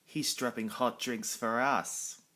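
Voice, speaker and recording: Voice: mid-range voice, fairly even intonation, takes it slowly, sharp tone, voice pushed down. A narrator voicing a jovial male engine driver who talks through laughter for a storybook dub.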